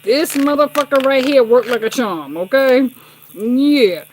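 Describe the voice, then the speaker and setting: A woman's voice: high-pitched, a little slow, a little mellow, a little hiss or hum. A woman tarot reader chatting casually with viewers, brash and profane, laughing often.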